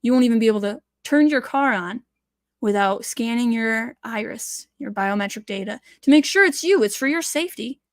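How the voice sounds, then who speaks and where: A woman's voice: fairly high pitch, lively intonation, moderate pace, no room sound, clean studio sound. A woman hosting a casual news commentary show from home, reading articles aloud and breaking into passionate, sarcastic rants. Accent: Michigan. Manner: passionate, ranting, sarcastic asides.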